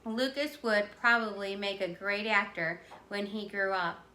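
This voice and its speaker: A woman teacher reading a children's chapter book aloud with clear, expressive storytelling. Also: medium pitch, a little slow, reverberant. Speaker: teacher reading to her class.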